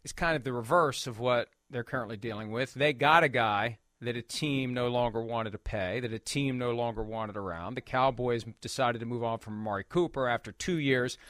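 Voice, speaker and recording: A man's voice: mid-range voice, moderate pace, few pauses, a bit bright, dry recording, studio quality. A man hosting a sports talk show, arguing emphatically and firing off rhetorical questions.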